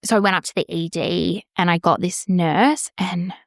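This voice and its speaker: A woman's voice: on the low side, fairly even intonation, moderate pace, dry recording, clean studio sound. A woman, hosting a podcast and frankly telling a personal story, swearing freely and acting out the exchanges she remembers. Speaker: podcast host.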